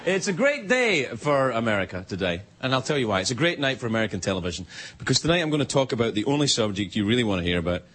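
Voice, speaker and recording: Very animated and very fast, a Scottish late-night host with a medium-pitched voice jokes and teases his way through a comedy monologue. He performs in a TV studio for a live audience, whose loud laughter and noise come through strongly.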